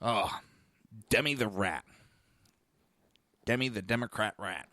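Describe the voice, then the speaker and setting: A man's voice: lowish voice, unhurried, bright, forceful tone, no room sound, studio quality. A man hosting a podcast, telling a blunt, profane story in a casual monologue. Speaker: podcast host. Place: lives in Florida.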